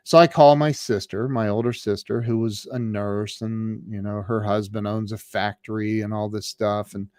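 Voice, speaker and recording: A man's voice: on the low side, fairly even intonation, normal speed, few pauses, darkish tone, dry recording. A man from the United States, a guest on a remote call, telling a personal story with many restarts and fillers. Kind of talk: storytelling in an interview.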